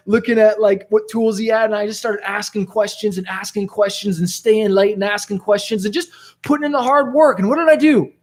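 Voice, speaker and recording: A man, a rap rock musician, telling stories from his past in a motivational talk to camera, animated and conversational, full of "like" and "okay?". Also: high-pitched.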